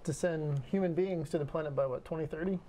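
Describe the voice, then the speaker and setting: A man's voice: a little high, a loud crowd. A young man co-hosting a podcast, presenting science news eagerly and stumbling a little when off script. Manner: eager, slightly halting when unscripted. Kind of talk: casual news chat.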